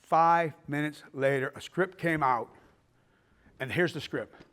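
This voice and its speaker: A man's voice: on the high side, measured pace, fairly bright tone. A middle-aged man giving a filmmaking workshop talk, telling stories with acted-out quotes and the odd swear. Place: arts center auditorium.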